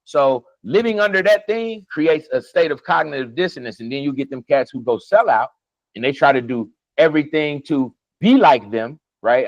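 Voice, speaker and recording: A man's voice: on the high side, lively intonation, normal speed, no room sound, lo-fi sound. A man co-hosting a heated casual conversation, talking emphatically, swearing and laughing often. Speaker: podcast co-host.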